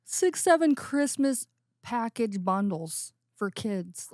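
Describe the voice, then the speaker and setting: Animated woman telling podcast stories. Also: a little high, slow pace, no echo, clean studio sound. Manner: animated storyteller, does silly voices. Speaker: podcast co-host. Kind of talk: casual chat.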